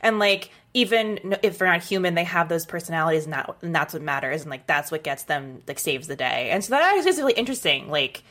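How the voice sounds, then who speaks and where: Casual female co-host, slightly low voice, thinking aloud. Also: lively intonation, fast, few pauses, a bit bright. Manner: musing, many "like"s. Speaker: podcast co-host. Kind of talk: casual chat.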